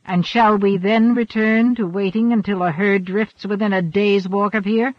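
A man's voice: high-pitched, unhurried, no room sound. A man doing a bold boastful hunt leader. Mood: defiant. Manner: loud, emphatic, defiant. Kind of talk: audiobook character reading. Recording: dull, dry recording.

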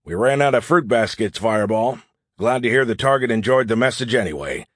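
A man's voice: mid-range voice, lively intonation, a little fast, no echo, close to an everyday voice. A man voicing a dry, joking pilot reporting over the radio, in an audiobook. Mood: wry.

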